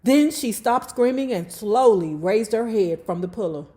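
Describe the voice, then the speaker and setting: A woman's voice: medium pitch, animated, moderate pace, dark tone. A woman reading a memoir aloud to her viewers. She breaks off into chatty, slangy, profane asides. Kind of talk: reading aloud with casual commentary.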